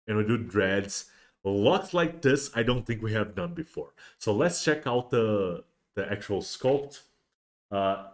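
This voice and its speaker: Brief: male host, lowish voice, loose rambling livestream chat. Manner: rambling, with many restarts and fillers.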